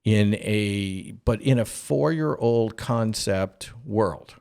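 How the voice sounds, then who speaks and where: A man's voice: on the low side, takes it slowly, creaky, clear, resonant tone. A man co-hosting a parenting podcast, chatting casually and retelling a sitcom scene, acting out the characters' lines. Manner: animated storyteller, acts out quoted lines with a raised voice. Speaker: podcast co-host.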